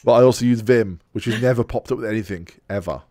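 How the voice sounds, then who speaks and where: A man's voice: fairly low pitch, quick pace, warm tone, dry recording. A man hosting a podcast in casual chat, ranting bluntly and swearing freely. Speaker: podcast host.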